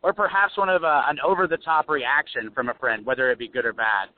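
A man hosting a radio talk show, asking questions in a relaxed, expressive way and laughing easily. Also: mid-range voice, brisk, no room sound. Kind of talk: casual radio interview. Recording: tinny dry phone-like sound.

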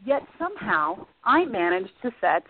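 A woman guest on a radio talk show, telling a story in a lively, casual way and acting out shouted quotes. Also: medium pitch, normal speed, slightly rough. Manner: animated, acts out shouted quotes. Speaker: guest, former cooking show contestant. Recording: tinny phone line, faint hiss.

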